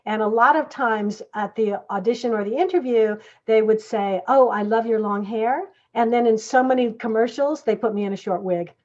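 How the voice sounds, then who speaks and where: A woman talks through her acting past in an easygoing, reminiscing way. She often agrees along with the host. Her slightly high voice comes through dull, lo-fi audio. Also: normal speed, few pauses, darkish tone. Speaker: guest, former TV actress and dancer. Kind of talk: casual interview conversation.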